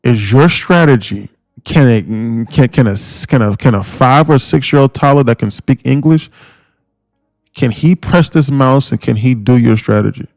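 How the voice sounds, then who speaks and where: A man streams live market commentary in a rough, gravelly voice at a middling pitch. He pushes his points hard, repeats himself and restarts sentences as he goes. The sound is dry and close, with no room echo. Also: moderate pace. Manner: animated, repetitive and emphatic, with frequent restarts. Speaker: day trader streaming live.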